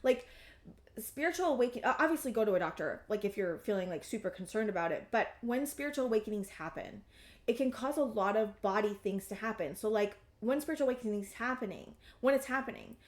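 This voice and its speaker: A young woman giving a collective tarot reading, rambling with many fillers and gently reassuring the listener. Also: a little high, expressive, fast talker, roomy sound. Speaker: tarot reader.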